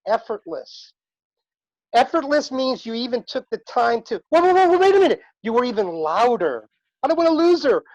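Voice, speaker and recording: A man's voice: high-pitched, no echo, muffled recording. A man giving passionate feedback to acting students over a video call, acting out their lines as he talks. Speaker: guest director giving feedback.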